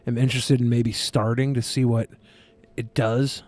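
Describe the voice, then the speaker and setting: A man co-hosting a podcast in casual chat, blunt and quick to swear, often repeating words as he starts a thought. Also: mid-range voice, level tone, a little mellow, no room sound. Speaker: podcast co-host.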